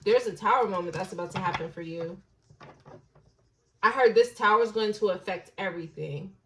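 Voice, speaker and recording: A woman talking through a tarot reading in a loose, conversational way. She is slangy and blunt, swears now and then, and muses aloud. Her voice sits at an ordinary middle pitch and dips into quiet hushed asides. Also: fairly quick, noisy background. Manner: musing, drifts into soft hushed asides. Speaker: tarot reader. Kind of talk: casual intuitive tarot reading.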